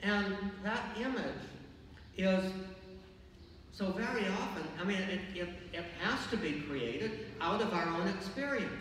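Older priest preaching in an echoing church. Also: male voice, high voice, slight background noise. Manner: conversational, storytelling, gently humorous. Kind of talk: sermon. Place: large church. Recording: echoey church from far off.

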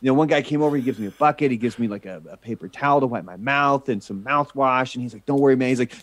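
A man co-hosting a podcast, telling a story in an animated way and laughing as he goes. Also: mid-range voice, quick pace. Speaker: podcast co-host. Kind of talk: casual storytelling chat.

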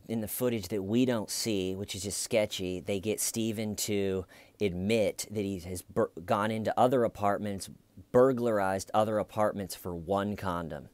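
A man's voice: on the low side, clear, resonant tone, no echo. A man giving casual true crime commentary, musing aloud in a wry tone with hesitant restarts.

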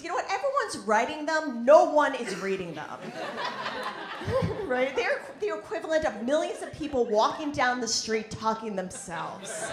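A woman performing a stand-up routine in a comedy club, with a wry, self-deprecating delivery. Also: high voice. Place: comedy club in New York. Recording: roomy club recording with audience noise.

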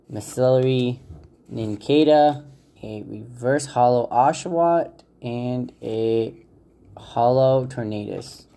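A man hosts a laid-back pack-opening video in a dark, mellow voice with a gravelly edge. He talks casually and hesitantly, pausing on fillers and stumbling over names. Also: medium pitch. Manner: relaxed, hesitant, many fillers, unsure of names. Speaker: channel host opening trading card packs. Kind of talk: casual unboxing commentary.

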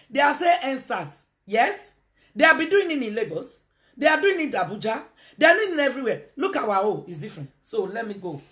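Animated Nigerian woman on a phone live stream. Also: medium pitch. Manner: animated, switches into Pidgin, calls out to viewers. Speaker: live video host. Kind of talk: casual live-stream talk.

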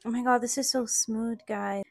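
A young woman from Latin America, vlogging an excited unboxing and gushing with delight. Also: on the high side, moderate pace, dry recording, clean studio sound. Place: in the Philippines.

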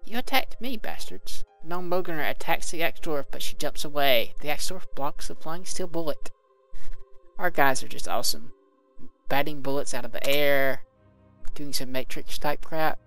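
A man's voice: a little high, fairly even intonation, normal speed, sharp tone, faint music behind, low-quality recording. A man commentating a video game, reading its combat log aloud and adding casual remarks. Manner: reads game text aloud with casual asides. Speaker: let's play commentator.

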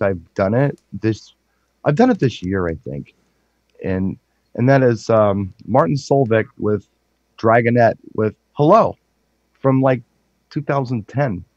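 A man's voice: medium pitch, a little mellow, no echo. A man, a DJ taking part in a casual music chat, who speaks in an easygoing, thoughtful way. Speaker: DJ and guest. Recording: dull, lo-fi dry sound.

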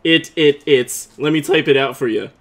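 A man's voice: on the high side, moderate pace, a bit bright. A young man hosting a casual let's play with friends, joking, laughing and reading game prompts aloud with lots of restarts. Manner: goofy, laughing often, rambling restarts.

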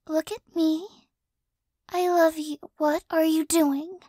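A woman in a whispered role-play, talking softly and doting on a pet-like companion, often flustered, stammering and sighing, close to the microphone. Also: very high-pitched, flat delivery, extremely slow, no room sound. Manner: soft, flustered, doting, with frequent stammers and sighs. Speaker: ASMR creator.

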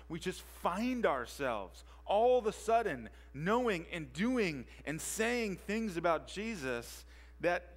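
Man, pastor, sermon in a church, slightly high-pitched, emphatic, repeats key phrases, quiet-to-loud swings. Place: church sanctuary.

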